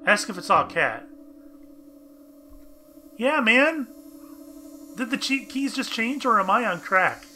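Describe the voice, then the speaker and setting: Bright-voiced young male gamer. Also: high-pitched, very animated, takes it slowly, long pauses, a little hiss or hum. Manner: chatty, addresses viewers, bemused asides. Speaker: let's play gamer. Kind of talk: casual game commentary, reading on-screen text aloud.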